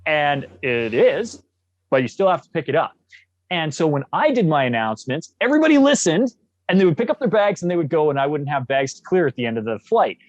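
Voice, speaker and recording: A man from Canada, a guest on a podcast, telling stories in a jovial, enthusiastic, animated way. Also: fairly high pitch, brisk, dry recording, dull audio. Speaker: guest, actor. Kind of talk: casual podcast interview.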